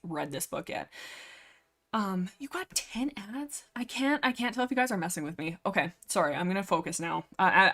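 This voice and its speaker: A young woman with a slightly low voice chats on her livestream in a loose, rambling way. She restarts her sentences and apologizes often, and sounds a little breathless from nerves. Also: a bit bright. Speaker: livestream host. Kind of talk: casual livestream chat.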